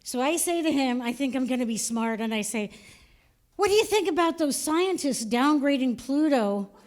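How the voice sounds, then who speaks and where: A woman's voice: high voice, animated, moderate pace. A woman performing a stand-up comedy set, telling a story and acting out the voices of her family. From Canada. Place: live show venue with audience.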